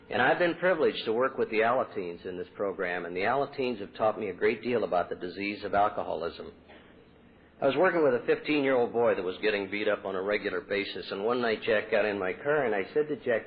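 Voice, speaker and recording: At a recovery meeting in a convention hall, a man earnestly tells his personal story at a quick pace, acting out quoted dialogue with jumps in pitch. It was captured on a tinny old tape recording.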